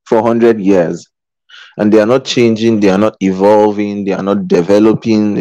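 A man's voice: lowish voice, dark tone, dry recording, low-quality recording. A man giving a live-streamed motivational talk, earnest and pleading, who repeats his phrases and keeps checking in with his listeners. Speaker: motivational speaker. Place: in Qatar.

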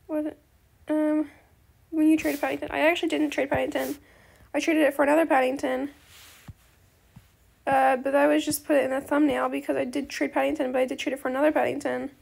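A woman with a high, creaky voice chats loosely as she plays a game. She rambles from thought to thought, tosses in slang like bestie and slay, and apologizes and gushes freely. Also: level tone, a little fast, long pauses, darkish tone. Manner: apologetic, gushing reactions to other players. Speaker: gaming video creator. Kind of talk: casual chat while playing a game.

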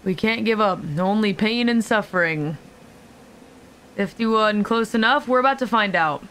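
A woman's voice: medium pitch, a little slow, a bit bright. A young woman streaming a video game, chatting casually with her audience, joking around and swearing freely. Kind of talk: casual live-stream commentary.

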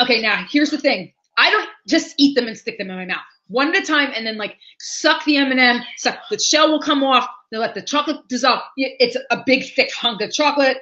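A woman reviewing candy on a livestream, animated and exaggerated as she talks straight to her viewers. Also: sits high. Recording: dull lo-fi livestream audio.

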